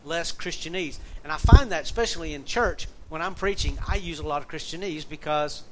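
A man's voice: on the high side, a little fast. Man, pastor, chatty sermon, folksy jokes, faint hiss behind. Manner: folksy, storytelling, joking asides. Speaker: pastor and jail minister. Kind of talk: conversational sermon.

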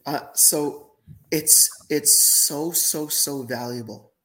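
A man's voice: a little high, slow, a bit bright. A man as a podcast guest talking about his business in casual chat, enthusiastic and given to repeating words for emphasis. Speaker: guest, laser accessory business owner.

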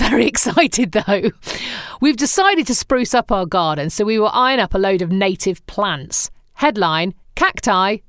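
A woman's voice: mid-range voice, no echo, studio quality. A woman hosting a chatty news roundup in a wry, conversational way.

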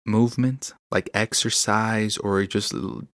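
A man's voice: lowish voice, steady tone, slow pace, fairly bright tone, no room sound, clean studio sound. A man hosting a podcast, talking candidly and earnestly on his own, frustrated but encouraging, often restarting his sentences. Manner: gives inspirational encouragement. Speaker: podcast host. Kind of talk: candid solo podcast monologue.

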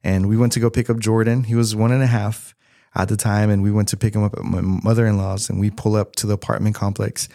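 A man in his thirties sharing a personal testimony as a pastor, earnest and unhurried, with soft laughs. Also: lowish voice, level tone, no room sound, studio quality. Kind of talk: sermon-style testimony.

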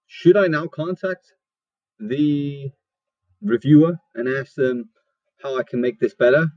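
A man's voice: medium pitch, no echo. A man calling in with a recorded question, rambling and hesitant while trying out a put-on accent. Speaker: caller leaving a voice message. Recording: dull dry lo-fi voicemail.

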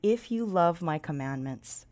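A woman's voice: on the low side, animated, unhurried, darkish tone. A woman pastor preaching a sermon, reading scripture and talking earnestly to her listeners, often restarting her words. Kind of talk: sermon with prayer.

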